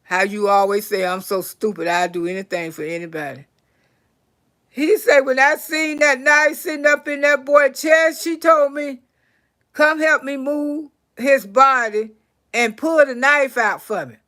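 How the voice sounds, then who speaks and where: Woman, livestream host, bright forceful voice, animated storytelling. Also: high-pitched, measured pace. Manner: animated storyteller, swings from loud to soft prayer. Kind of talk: storytelling and praying with live chat.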